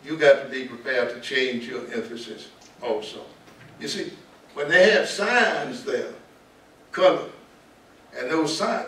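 Brief: older Southern man, pastor, emphatic sermon-like delivery, somewhat high voice, recorded from afar in a big echoing hall. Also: a bit bright. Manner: emphatic, repeats key words, slows for stress. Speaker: pastor and author speaking to students. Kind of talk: preaching-style talk. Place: large auditorium. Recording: echoey hall, distant mic, light noise.

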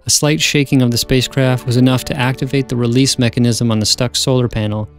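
A man's voice: mid-range voice, flat delivery, fast, faint music behind. Man narrating spaceflight history evenly. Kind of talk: scripted narration.

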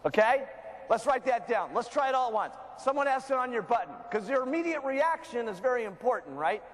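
A man with a strikingly high voice runs a motivational sales training. He is emphatic and salesy, pushing each point and checking in with his listeners. His voice rings with the long reverb of a big hall. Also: sing-song, a little fast. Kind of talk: motivational business training talk.

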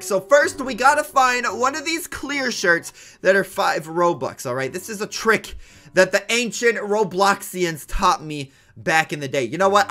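A young man in his twenties does hyper, jokey gameplay commentary, with a voice that sits high for a man and cuts through brightly. He bounces between goofy teasing and mock outrage, and light music plays faintly underneath. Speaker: gaming YouTuber.

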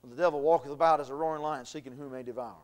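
A man's voice: fairly high pitch, steady tone, very fast. A male pastor preaching a sermon, reading scripture aloud and building in intensity. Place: church.

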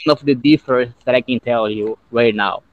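A man's voice: medium pitch, a little fast, no echo, narrow, tinny audio. A man whose first language is Portuguese, chatting casually in English on a video call, explaining pronunciation and laughing often. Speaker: English learner.

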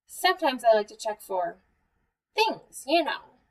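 A woman's voice: fairly high pitch, big pitch swings, unhurried. A woman voicing a small, very polite and eager male mouse who keeps apologizing. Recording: voice a bit far from the mic.

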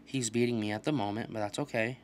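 A young man giving casual commentary while playing a video game, swearing often and trash-talking opponents in an excitable way. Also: fairly low pitch, quick pace, slight background noise. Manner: profane, excitable trash talk. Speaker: gaming channel host.

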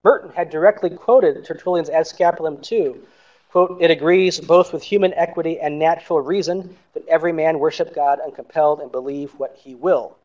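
A man's voice: on the high side, darkish tone. A man presenting an academic paper, reading steadily and marking each quotation aloud. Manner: measured reading with quotes marked aloud. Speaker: scholar presenting a conference paper. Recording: dull lo-fi recording.

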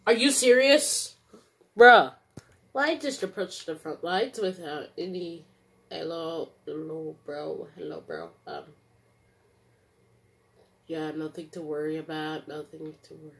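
A woman giving casual gameplay commentary, excitable, squealing and yelling taunts. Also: sits low, a little slow. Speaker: gaming streamer.

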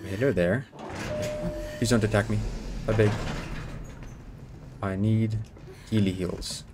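A man giving excitable let's-play commentary, swearing, joking and pleading with the game as he plays. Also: on the low side, takes it slowly, noisy background. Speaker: gaming YouTuber.

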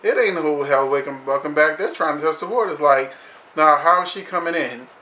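A man's voice: a little high, normal speed, bright, forceful tone, roomy sound. A man reviewing a TV episode in casual commentary, blunt and profane, saying "you know" constantly.

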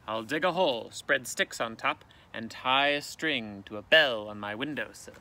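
A man's voice: mid-range voice, moderate pace, bright, forceful tone, a little hiss or hum, poor audio. A man voicing a small, brave, clever boy who eagerly plans aloud in a storybook reading. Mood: determined.

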